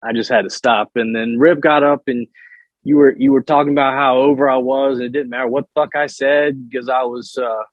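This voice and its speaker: A man's voice: medium pitch, steady tone, fairly quick, dry recording, muffled recording. A man guest telling wrestling stories in casual chat, often stumbling and repeating words as he starts a sentence. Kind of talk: casual storytelling on a podcast.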